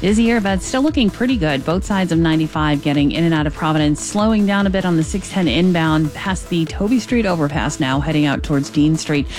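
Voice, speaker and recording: A woman gives a brisk, matter-of-fact radio traffic update in a fairly low voice. Faint music plays beneath her report. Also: darkish tone.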